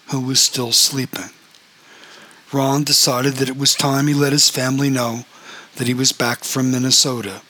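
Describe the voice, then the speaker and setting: A man reading an audiobook in a steady, even storytelling voice. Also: mid-range voice. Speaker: audiobook narrator.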